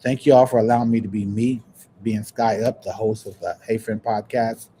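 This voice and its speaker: Guy hosting his podcast, warm churchy talk, bit of hiss behind. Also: lowish voice, steady tone, normal speed. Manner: warm, churchy, breaks into laughs and sing-song. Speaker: podcast host. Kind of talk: casual livestream chat, preachy sign-off.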